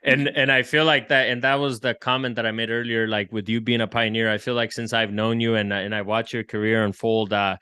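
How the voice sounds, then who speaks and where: A man's voice: on the low side, little pitch movement, a little fast, hardly any pauses, bright, forceful tone, clear, resonant tone, no echo. A man hosting a podcast interview, chatting casually with lots of slang and restarts. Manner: loose, slangy, many restarts and "like", "bro". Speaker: podcast host.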